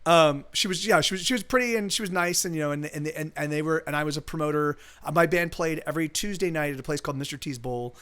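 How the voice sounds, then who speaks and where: A man's voice: on the high side, quick pace, few pauses, fairly bright tone. A man in his forties, a singer-songwriter streaming live, chatting casually between songs in a rambling way, with many restarts, swearing and laughing. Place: home streaming setup. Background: acoustic guitar.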